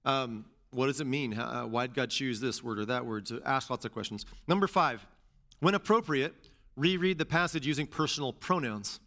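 A man preaching a sermon as pastor and teacher, repeating key phrases and rising to loud stresses. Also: medium pitch, moderate pace.

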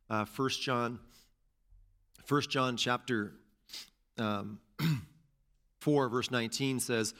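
Here a male pastor with a mid-range voice preaches slowly, leaving long pauses. The delivery is still animated and conversational, with phrases repeated for emphasis and relaxed asides.

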